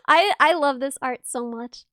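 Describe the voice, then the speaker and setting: A woman's voice: sits high, measured pace, no echo, clean studio sound. A young adult woman streaming casually, chatting with her viewers, gasping and squealing at messages and rambling through asides. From not Australian. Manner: excitable, gasps and squeals at chat, rambling asides. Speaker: VTuber streamer. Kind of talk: casual stream chat reading chat.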